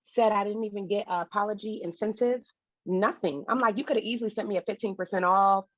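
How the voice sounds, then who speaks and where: Co-host, woman, mid pitch, blunt and salty, on a dull, dry, slightly lo-fi feed. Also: fast, no room sound. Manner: blunt, swears casually, acts out phone calls. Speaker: podcast co-host. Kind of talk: casual storytelling chat.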